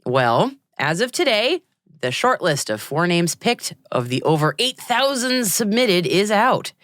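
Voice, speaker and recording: A woman's voice: mid-range voice, very animated, unhurried, a bit bright, no room sound. Upbeat American woman hosting a podcast. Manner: upbeat, playful asides. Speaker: podcast host. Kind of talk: scripted news reading.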